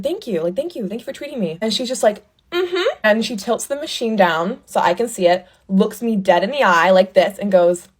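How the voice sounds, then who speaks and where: A young woman who works as a restaurant server, casually telling stories about customers and laughing as she goes. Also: medium pitch. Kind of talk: casual storytelling while doing makeup.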